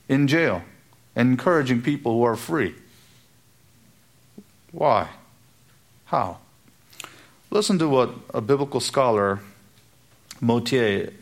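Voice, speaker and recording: A man preaching an expository sermon, walking through a Bible passage and acting out everyday speech in quoted asides. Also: medium pitch. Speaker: pastor.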